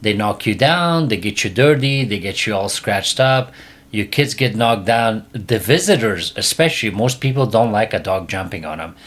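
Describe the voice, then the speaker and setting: A man hosting a casual podcast and giving dog training advice, emphatic and repetitive, often dropping his voice low and quiet. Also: animated, moderate pace.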